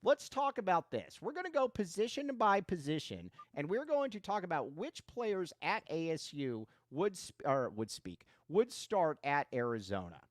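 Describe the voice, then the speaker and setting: A man hosting a live sports talk show, his voice mid-pitched and swinging widely up and down. He talks in a chatty, animated way. The sound is dry and close. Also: moderate pace, hardly any pauses, dry recording. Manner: animated, chatty, self-deprecating.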